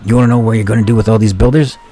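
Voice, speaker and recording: A man's voice: lowish voice, steady tone, very fast, dark tone, faint music behind, voice pushed up, lightly acted. A man voicing a gloating male monster captain who taunts his prisoners while reading game dialogue aloud. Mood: taunting. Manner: taunting, mock-cheerful threats.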